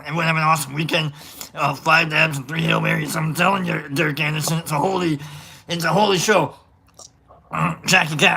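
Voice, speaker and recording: A man hosting a casual live stream, rambling through viewer shout-outs with lots of "uh"s. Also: a little high, steady tone, brisk, gravelly, husky. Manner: rambling, reads names off chat with frequent "uh"s.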